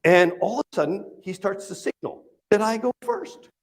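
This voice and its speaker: Speaking quickly in a high voice, this man delivers a keynote from a conference stage. He shares an amusing story from his own life, joking around and regularly turning to the audience with questions in a lively, animated way.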